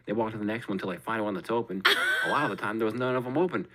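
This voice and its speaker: A man's voice: fairly low pitch, racing. A man hosting a podcast, telling a story in casual chat, swearing constantly and acting out his own reactions. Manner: profane, animated, acts out his own reactions. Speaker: podcast host.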